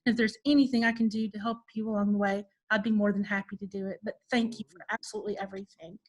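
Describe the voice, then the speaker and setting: A woman's voice: mid-range voice, steady tone, quick pace, rough recording. A woman nurse researcher on a video call, earnestly praising her student and near tears. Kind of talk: casual spoken tribute on a video call.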